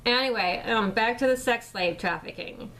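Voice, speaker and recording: A woman's voice: fairly high pitch, normal speed, a bit bright, low-quality recording. Heated, swearing middle-aged woman ranting. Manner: rambling, heated, swears constantly. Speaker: vlogger. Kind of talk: angry profane rant to camera.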